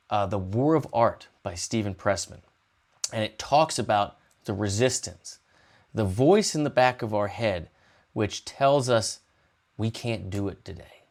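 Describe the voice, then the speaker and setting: A man talking to camera on his music channel, earnest and emphatic, swinging from loud bursts to hushed lines. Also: medium pitch. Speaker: music YouTuber. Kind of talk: impassioned talk to camera.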